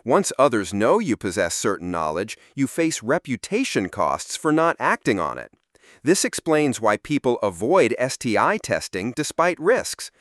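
A man giving a measured, scripted explanatory narration. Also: mid-range voice, big pitch swings, fairly bright tone, dry recording, clean studio sound.

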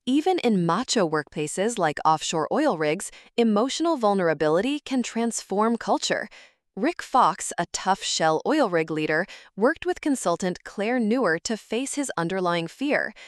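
A woman narrating a nonfiction summary at a steady, measured pace. Her pitch sits in an ordinary middle range. The recording is dry and close, with no room sound around her voice. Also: no echo. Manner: steady, even-paced reading. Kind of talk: scripted book-summary narration.

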